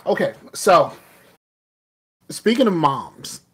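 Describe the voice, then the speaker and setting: A man's voice: fairly high pitch, big pitch swings, takes it slowly, a bit bright, husky. A man hosting a podcast in loose, rambling casual chat, laughing often as he talks. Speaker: podcast host.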